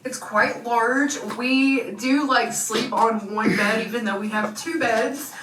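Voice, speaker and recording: A woman's voice: a little high, takes it slowly, distant mic, background noise. A woman casually chatting through a tour of her hotel room. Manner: chatty, rambling. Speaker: vlogger. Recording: echoey room, away from mic.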